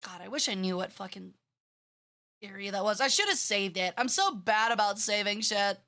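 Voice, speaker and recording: A woman's voice: medium pitch, normal speed, sharp tone. A young woman streamer chatting casually and rambling, bratty in tone, swearing freely and using plenty of fillers. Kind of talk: casual live-stream chat.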